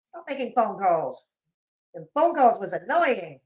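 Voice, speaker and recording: A livestream host chats casually in a mid-range voice, very animated yet unhurried. She's sarcastic and mocking, and her voice sounds a little off and sleepy.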